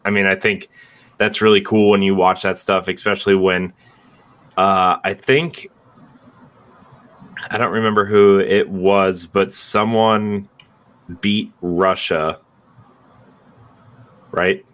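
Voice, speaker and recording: Low-voiced young man rambling. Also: fairly even intonation, slow, pauses often, a bit bright. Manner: rambling, many restarts and "like"s. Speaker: podcast co-host. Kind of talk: casual chat.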